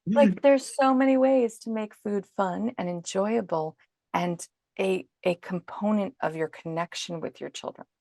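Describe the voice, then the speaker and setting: A woman parenting coach in a podcast interview, explaining calmly and acting out her own inner self-talk as examples. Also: mid-range voice, measured pace, vocal fry, dry recording, clean studio sound.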